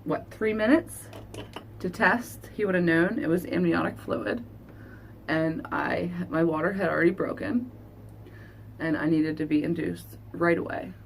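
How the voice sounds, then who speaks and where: A woman with a slightly low voice tells a painful story from her own life, earnest and halting, pausing to find her words. She speaks as a vlogger talking straight to her viewers. A faint hum of room noise sits behind her. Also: gravelly. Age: adult. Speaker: beauty vlogger. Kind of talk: emotional personal storytelling.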